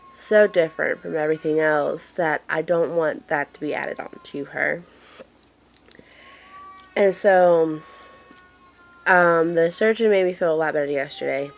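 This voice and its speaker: A woman chatting casually in a home vlog, apologetic and rambling with lots of fillers, filming on a handheld phone in a dim room. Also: deep voice. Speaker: mother giving a family update.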